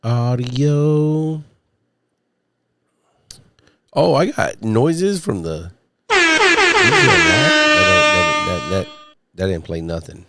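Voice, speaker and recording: A man's voice: mid-range voice, sing-song, slow pace, over loud music. A man hosting a casual solo livestream, rambling and swearing as he chats to viewers, his voice still worn from a recent illness. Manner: rambling, profane, chatting to viewers. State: recovering voice after illness. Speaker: podcast host. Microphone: studio mic with podcast mixer.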